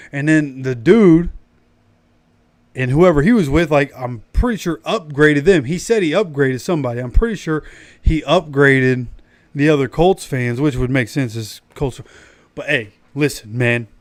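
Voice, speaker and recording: A man's voice: medium pitch, measured pace, no echo. Ranting man with a dry close sound. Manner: animated, preachy, addresses viewers directly. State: recovering from lost voice. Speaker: fan channel host. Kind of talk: casual livestream rant.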